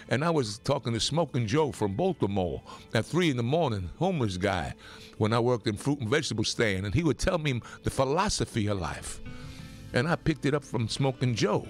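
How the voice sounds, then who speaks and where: A man from New York hosting a talk radio show, delivering a rambling, opinionated monologue that gets more animated as he goes. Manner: animated, rambling, pitch climbs when worked up.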